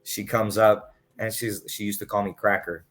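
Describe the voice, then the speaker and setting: A man's voice: on the low side, normal speed. A man, a podcast guest, telling casual stories with lots of swearing and acted-out quotes. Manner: animated, profane, acts out quotes. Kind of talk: casual storytelling.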